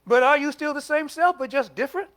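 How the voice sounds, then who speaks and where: An older minister with a very high voice talks fast through a conversational sermon. He quizzes the congregation with questions and moves back and forth between loud and soft delivery.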